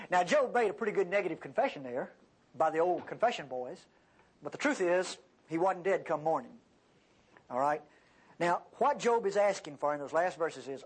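Male Bible teacher, husky and animated, pitch swinging widely as he acts out quotes for the class. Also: normal speed. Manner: conversational, addresses the class directly.

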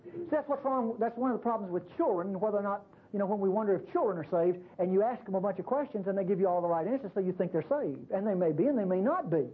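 Preacher guy talking casual sermon style, husky voice, tinny phone-line radio sound. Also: high-pitched, fast talker. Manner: animated, conversational preaching with repeated "see". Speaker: pastor.

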